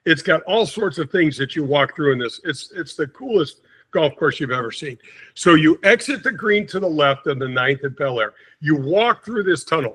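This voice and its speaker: A man in his sixties from St. Louis, a podcast guest telling an animated anecdote and acting out the quotes. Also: on the high side, breathy edge. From St. Louis, USA. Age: 60s. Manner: lively storyteller, acts out quotes, chuckles often.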